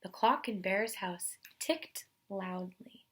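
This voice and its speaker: A woman teacher reading a picture book aloud to children in an expressive way, stopping to explain words. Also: medium pitch, takes it slowly. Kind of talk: children's read-aloud narration.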